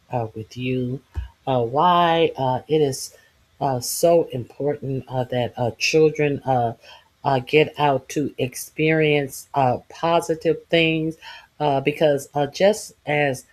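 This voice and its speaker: A man hosting his own channel, speaking haltingly to viewers with many pauses and uh's. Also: mid-range voice. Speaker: channel host. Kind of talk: slow casual commentary to viewers.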